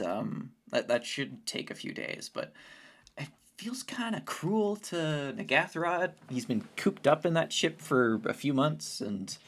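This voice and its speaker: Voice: medium pitch, vocal fry. A player in a tabletop game speaking in character in a rambling way, stumbling over words and laughing often. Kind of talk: casual tabletop play.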